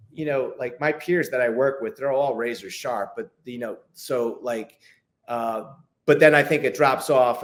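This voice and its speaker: Brief: conversational male guest, mid-pitch, loose and talkative, acts out client chats. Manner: chatty, acts out phone calls with clients, many restarts. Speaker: luxury real estate agent, guest. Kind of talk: casual interview talk.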